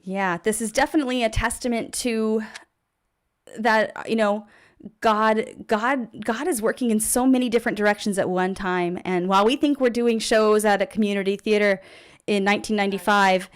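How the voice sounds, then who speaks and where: A woman's voice: mid-range voice, smooth. A woman hosting a charity livestream, chatty and upbeat. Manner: chatty and upbeat, with laughs and fillers. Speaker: livestream host.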